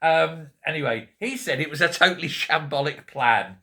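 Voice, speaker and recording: A Scottish man in a quiet home, chatting casually to camera about politics with joking asides and frequent self-corrections. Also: a little high, normal speed, creaky. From Scotland. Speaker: political vlogger. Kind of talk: casual rambling commentary to camera.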